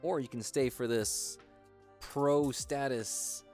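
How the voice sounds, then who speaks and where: Slow and a little mellow, a medium-pitched voice from the United States chats over faint background music. The streamer builds on a livestream while rambling through a sweary story thick with fillers.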